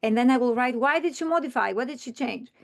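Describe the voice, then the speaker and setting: A woman's voice: fairly high pitch, fast, gravelly. A woman training teachers in a recorded presentation, explaining earnestly and often restarting her sentences.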